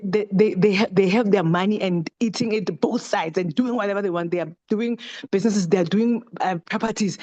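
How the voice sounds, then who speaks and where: A woman's voice: medium pitch, a little mellow. A middle-aged woman talking passionately at a book club, with many restarts and rhetorical questions. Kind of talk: casual discussion.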